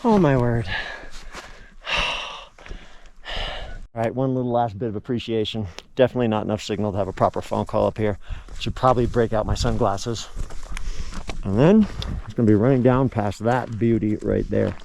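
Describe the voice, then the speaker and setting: A man hiking up a steep, high mountain trail, slightly out of breath and narrating with cheerful awe as he climbs. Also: fairly even intonation, moderate pace, long pauses, darkish tone. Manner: breathless, awed and cheerful, talking to himself on the climb. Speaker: trail runner vlogger. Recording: outdoor camera audio with clear background noise.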